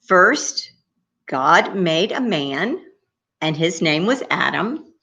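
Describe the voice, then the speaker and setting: Slow, sing-song woman telling a children's story. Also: on the low side, sing-song, pushed and bright.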